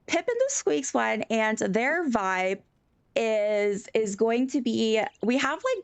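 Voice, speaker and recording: A woman streamer chatting casually on a live stream, animated and giggly. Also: fairly high pitch, dry recording.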